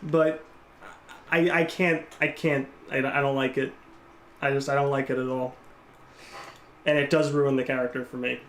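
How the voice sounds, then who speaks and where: A man's voice: mid-range voice, flat delivery, normal speed, long pauses, a bit bright, echoey room, slight background noise. A man giving live, rambling gameplay commentary and chatting casually with his viewers. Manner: rambling, casual, reads and answers chat. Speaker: gameplay streamer.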